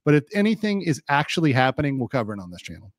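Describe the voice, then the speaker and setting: A man's voice: medium pitch, big pitch swings, very fast, dry recording, clean studio sound. A man doing casual live-stream legal commentary, chatty with lots of fillers, reading viewer chat aloud and a little hiccupy. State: has the hiccups.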